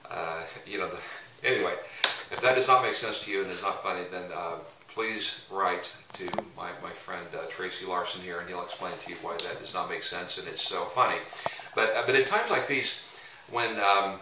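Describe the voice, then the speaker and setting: Low bright-sounding guy rambling thru a church-y teaching talk, lots of uhs, mic far off in a roomy space. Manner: rambling, heavy with filler sounds. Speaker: evangelism ministry leader. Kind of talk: casual teaching talk with anecdotes. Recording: roomy echo, mic at a distance, faint noise.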